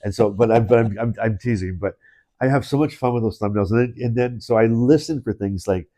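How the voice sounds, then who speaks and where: A man's voice: medium pitch, a little fast, mellow. A man co-hosting a podcast in casual conversation, rambling with many restarts and chuckles. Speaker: podcast co-host. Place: indoors, in-person studio.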